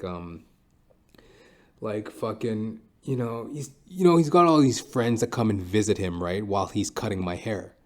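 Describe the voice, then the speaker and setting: A man's voice: fairly low pitch, darkish tone. A man hosting his own podcast, telling comic stories in a rambling, profane way. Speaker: podcast host. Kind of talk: comedic storytelling monologue.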